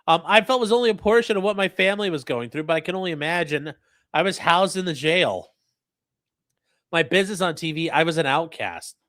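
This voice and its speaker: A man's voice: fairly high pitch, bright, forceful tone. A man hosting a livestream, reading from a statement and mocking it with profane, sneering commentary. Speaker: livestream host.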